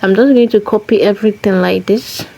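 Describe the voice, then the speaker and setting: A woman at an ordinary middle pitch talks through a screen-recorded tutorial in a warm, mellow voice. She moves methodically from one step to the next and often repeats key phrases. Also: a little fast, low-quality recording. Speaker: tutorial host.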